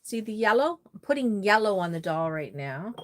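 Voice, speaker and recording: A woman from Nova Scotia, Canada, rambles casually on a live stream, reading viewer comments aloud as she works on a doll. Her medium-pitched voice is sing-song and moderately paced.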